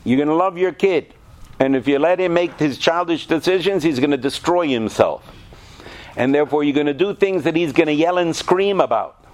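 A male teacher speaking to a room of students in an animated, conversational way. His voice sits slightly high, and he keeps stopping to quiz the class. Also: normal speed. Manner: animated, asks the class questions. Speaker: yeshiva teacher. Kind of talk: lecture to students.

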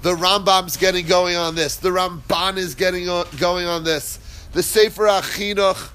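A man's voice: high voice, fairly even intonation, moderate pace, sharp tone. A man teaching a casual Torah class, chatty and digressive, who drifts into stories and laughs as he tells them.

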